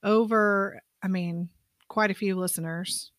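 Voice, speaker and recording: Soft-spoken woman co-hosting. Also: mid-range voice, steady tone, unhurried, dry recording, clean studio sound. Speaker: podcast co-host. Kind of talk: casual podcast talk.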